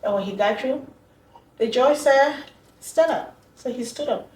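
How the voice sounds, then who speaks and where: Woman guest telling her story, kinda high voice, animated, sounds far off in an echoey room. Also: unhurried. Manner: animated, acts out quoted voices. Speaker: interview guest. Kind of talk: emotional personal storytelling.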